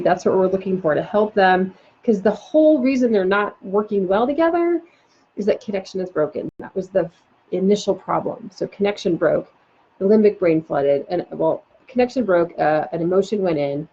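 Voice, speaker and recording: A woman parenting coach giving a live online talk, animated and chatty with many fillers. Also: medium pitch, slightly rough. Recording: dull lo-fi sound.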